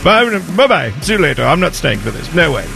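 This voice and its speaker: A man's voice: on the high side, very animated, fairly quick, creaky, pushed and bright, soft background music, heavily acted. A man putting on a British accent to play a flustered male TV host who refuses to stay and walks out. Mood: huffy. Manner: indignant, clipped exit lines.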